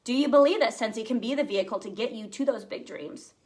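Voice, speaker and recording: Woman team director, high voice, lively and chatty, rallying her team. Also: fast. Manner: energetic, chatty, addresses listeners directly. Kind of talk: motivational team talk.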